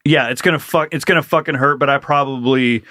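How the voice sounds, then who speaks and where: A middle-aged married man co-hosting a podcast, talking casually in halting, restarting sentences. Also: mid-range voice, fairly even intonation, pushed and bright, dry recording, clean studio sound. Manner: halting, restarts often, plain-spoken. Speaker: podcast co-host. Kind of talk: casual chat.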